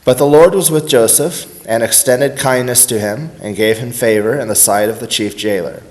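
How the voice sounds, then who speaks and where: A man reads scripture aloud at an even, unhurried pace. His voice sits at a middling pitch for a man. He delivers the passage as a plain scripted reading. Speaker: scripture reader.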